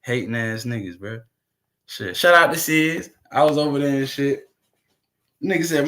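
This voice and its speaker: Brief: male streamer, fairly high voice, loose profane rambling chat to his viewers. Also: moderate pace, long pauses, pushed and bright. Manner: profane, rambling, laughing between remarks. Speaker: livestream host. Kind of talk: casual livestream chat.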